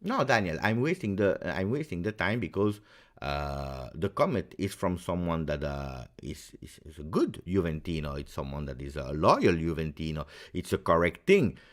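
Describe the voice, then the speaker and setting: A man's voice: low voice, very animated, moderate pace. A man with as his hosting a casual pregame football talk, emphatic and angry, repeating phrases for stress. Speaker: football channel host.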